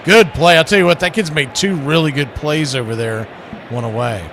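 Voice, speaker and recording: A man calling baseball play-by-play live as host, chatting opinions between pitches. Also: moderate pace, fairly bright tone, slight background noise.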